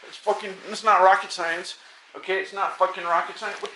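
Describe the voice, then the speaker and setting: A man rants into his own camera in a rambling, profane flow, stumbling over restarts. His voice is bright and forceful and sits a little high for a man. A faint hiss of noise runs under it. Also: fairly even intonation, fairly quick, rough recording. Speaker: self-recording programmer. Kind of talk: rambling self-filmed monologue.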